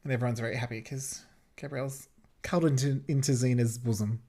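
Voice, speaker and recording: A man's voice: mid-range voice, fairly even intonation, quick pace, dark tone. A man hosting a podcast, giving casual, chatty commentary on a TV episode and laughing often. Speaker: podcast host.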